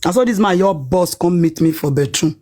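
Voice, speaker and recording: A woman with a Nigerian Pidgin accent telling a personal story in a lively, dramatic way, acting out what people said. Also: fairly low pitch, brisk. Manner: animated, dramatic retelling with acted-out quotes.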